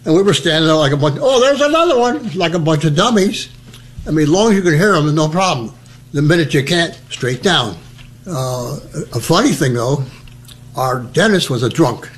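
A man's voice: on the high side, normal speed, a little hiss or hum. An elderly American man telling personal stories in a chatty, humorous way, acting out the voices of people he quotes. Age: older. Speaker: veteran interviewee. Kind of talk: personal storytelling.

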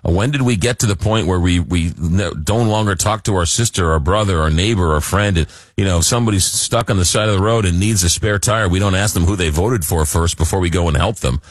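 A man's voice: low voice, fairly quick, hardly any pauses, dry recording. An American man hosting a talk show, speaking in a rambling way full of fillers and restarts. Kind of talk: interview talk.

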